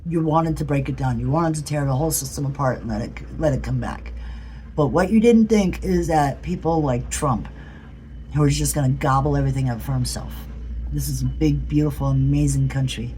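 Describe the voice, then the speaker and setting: A woman's voice: rumbling low, fairly quick, warm tone, a little hiss or hum, low-quality recording. A woman from the United States talking in an impassioned political vlog, blunt and earnest, swearing freely. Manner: earnest, pleading. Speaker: political vlogger.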